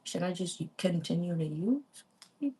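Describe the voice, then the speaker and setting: A woman's voice: lowish voice, lively intonation, slow pace, mellow, slightly rough, distant mic. A woman in her thirties chatting casually with viewers while she crafts at home, rambling with slangy asides. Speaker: crafting vlogger. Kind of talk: casual live-stream chat while crafting. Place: home, by a window. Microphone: small handheld pink microphone.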